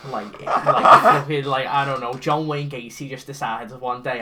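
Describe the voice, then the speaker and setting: A man co-hosting a casual comedy podcast, animatedly recapping a bad movie with lots of swearing and quick character impressions. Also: mid-range voice, very noisy. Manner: animated, swearing, mimics characters mid-story. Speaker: podcast co-host.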